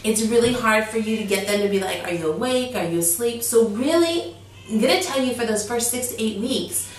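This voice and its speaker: A young woman chatting about parenting as a co-host, animated and quick to slip into playful voices for the babies. She sits at a distance from the mic in a very echoey room. A faint hiss runs underneath. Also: a little high. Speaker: co-host giving parenting advice. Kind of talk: casual advice chat.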